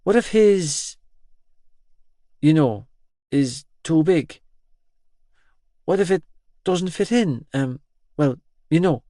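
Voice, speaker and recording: A shy teenage girl in an audiobook, her voice pitched up and asking nervous, halting questions, as a male narrator puts her on. She speaks slowly, and the recording is close and dry. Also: expressive, warm tone, dry recording. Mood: nervous, curious. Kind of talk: audiobook dialogue.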